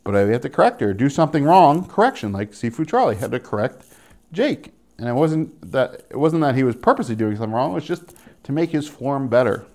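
A young man preaching a sermon in an animated way, acting out the voices of the people he quotes. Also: medium pitch, brisk.

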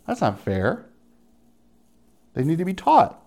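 A young man preaching with lots of energy. He swings his pitch up and down as he mimics parents and children, then drops into slow, earnest stretches. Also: gravelly. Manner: animated, acts out quoted voices, chuckles. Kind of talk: sermon.

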